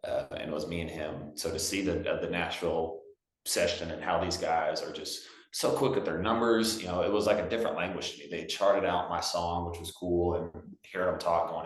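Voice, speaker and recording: A young man from Texas, a singer-songwriter guest, telling stories in a relaxed, chatty way with lots of fillers. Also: low voice, brisk. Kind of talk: casual storytelling. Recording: roomy echo.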